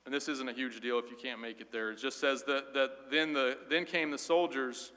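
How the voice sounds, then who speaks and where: A man's voice: mid-range voice, fairly even intonation, normal speed, sharp tone. A man teaching a Sunday school Bible class in an earnest, emphatic way, often repeating words as he goes. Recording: long hall reverb.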